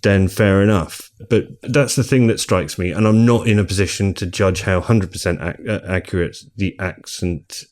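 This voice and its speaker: Casting: middle-aged man, lowish voice, chatty podcast co-host, casual and rambling. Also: normal speed, few pauses, darkish tone. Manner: chatty, laughs often, rambling asides. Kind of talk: casual chat.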